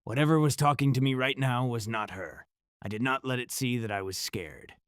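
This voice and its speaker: A man narrating a first-person horror story in a dramatic, measured delivery. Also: medium pitch, clear, resonant tone, no echo, studio quality.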